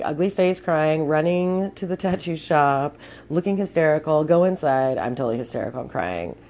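Young woman, swearing a lot, animated rambling story, casual spoken letter. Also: extremely low pitch.

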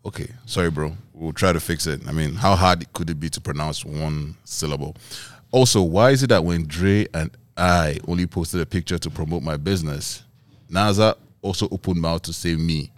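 A man's voice: sits low, normal speed, no echo, studio quality. A man hosting a casual podcast chat, laughing often and repeating words as he searches for them. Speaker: podcast host.

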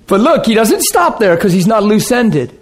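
A man's voice: sits high, gravelly, breathy edge. A man preaching a sermon, telling healing stories and acting out scenes with gasps and laughter. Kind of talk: sermon storytelling.

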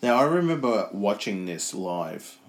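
A man's voice: lowish voice, sing-song, measured pace. Joking man with a cold. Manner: jokey, does silly voices. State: has a cold. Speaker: podcast co-host. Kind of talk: casual watch-along chat.

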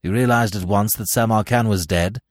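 A man's voice: fairly low pitch, moderate pace, no room sound, clean studio sound, natural voice. A man voicing a harsh, impatient male commissioner who questions a suspect, snapping and emphatic, in an audiobook reading.

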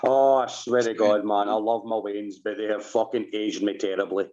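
A man's voice: fairly low pitch, steady tone, moderate pace, a little mellow. Sweary Scottish man, lo-fi call. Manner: sweary, laughing storyteller. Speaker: podcast host. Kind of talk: casual chat. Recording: dull lo-fi sound.

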